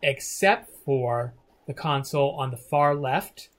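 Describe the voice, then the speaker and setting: Game master, tabletop narration, halting, searching for words. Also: mid-range voice. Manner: hesitant, many fillers and restarts.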